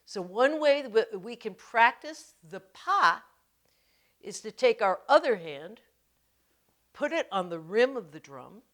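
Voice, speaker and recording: Slow, patient woman drum teacher. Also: on the high side, sing-song. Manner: gentle, patient step-by-step explaining. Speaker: hand drumming teacher. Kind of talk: instructional video demonstration.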